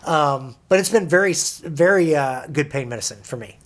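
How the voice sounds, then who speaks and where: A man talking as a firefighter paramedic co-hosting a podcast, relaxed and a bit jokey in casual conversation. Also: fairly high pitch, moderate pace.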